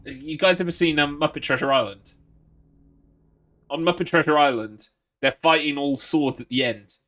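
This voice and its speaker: A man's voice: on the high side, normal speed, a bit bright. A young British man streaming a horror game, reading item text aloud and joking with his chat. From Britain. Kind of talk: casual game commentary.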